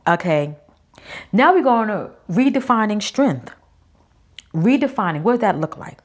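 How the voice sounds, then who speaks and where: A woman's voice: fairly low pitch, sing-song, measured pace. A woman in her forties, hosting her own podcast and talking straight to her listeners in a chatty, emphatic way. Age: 40s. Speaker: podcast host. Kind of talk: casual talk to camera.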